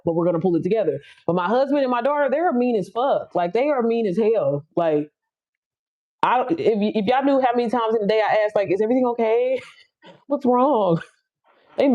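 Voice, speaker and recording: A woman, chatting casually and bluntly with viewers on her livestream, laughing often and jumping up high for emphasis. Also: darkish tone. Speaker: livestream host. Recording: slightly dull lo-fi audio.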